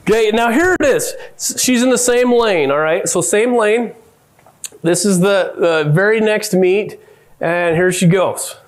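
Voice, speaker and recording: A middle-aged man giving a conference keynote, telling family stories with lively quoted voices. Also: high-pitched, a little slow. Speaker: keynote speaker. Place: conference hall.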